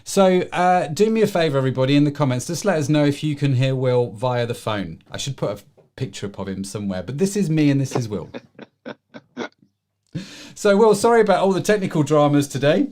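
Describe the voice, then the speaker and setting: A man's voice: on the high side, animated, fairly quick, a little mellow. A man hosting a church livestream, chatty and joking in a loose, casual way. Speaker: livestream host. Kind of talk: casual chat.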